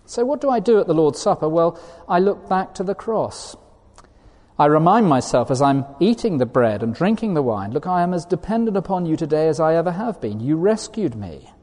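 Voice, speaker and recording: A man's voice: fairly high pitch, very animated, brisk, darkish tone. A man preaching a sermon in an earnest, emphatic way, reading quotations aloud to his listeners. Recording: long reverb of a hall.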